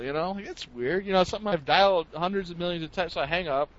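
A man's voice: sits high, quick pace, dry recording. A man with a somewhat raised voice tells a rambling story in casual comedic chat. He acts out the noises he heard along the way. The recording is dull and lo-fi. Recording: dull lo-fi sound.

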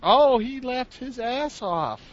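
A man's voice: very high-pitched, lively intonation, slow pace. A man chatting casually with a friend, telling a rambling funny story and acting out the sounds he heard. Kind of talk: casual comedic chat. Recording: dull lo-fi sound.

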